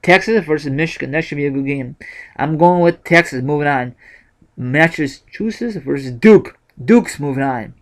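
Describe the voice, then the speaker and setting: A man's voice: fairly high pitch, normal speed. A young man in a casual vlog, thinking aloud with lots of ums and self-corrections. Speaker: YouTuber sharing bracket picks.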